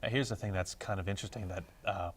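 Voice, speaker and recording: On a talk show in a public-access TV studio, a man billed as a paranormal investigator explains his ideas thoughtfully and at length in casual studio chat. His low voice moves fast, with fairly even intonation.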